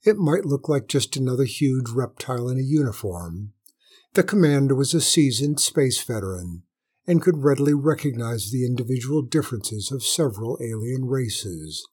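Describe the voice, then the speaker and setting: A man narrating a story in a measured, dramatic storytelling manner. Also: medium pitch, expressive, a little mellow, slightly rough. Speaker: audiobook narrator.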